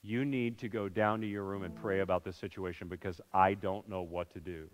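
A man's voice: steady tone, a little fast. Preaching man in a reverberant hall. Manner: swings between loud bursts and hushed low lines. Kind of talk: sermon storytelling. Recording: reverberant hall, dull sound.

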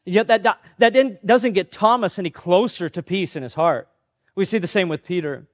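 A pastor with a notably high voice delivers his sermon like a conversation. He pokes fun at himself and briefly acts out the people in his stories. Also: moderate pace. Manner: conversational, self-deprecating, acts out quoted voices.

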